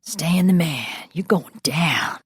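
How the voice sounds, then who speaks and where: A woman voicing a cocky male vampire swordsman who taunts softly. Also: on the low side, takes it slowly, slightly rough, dry recording, clean studio sound, heavily acted. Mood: taunting. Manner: soft-spoken, taunting.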